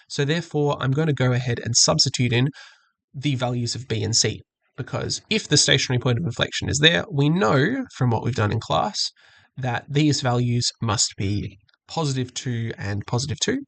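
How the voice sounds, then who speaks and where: A man's voice: mid-range voice, gravelly, fairly bright tone, no room sound. A man teaching maths, walking through an exam question patiently and methodically and correcting himself as he goes. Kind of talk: screen-recorded exam walkthrough.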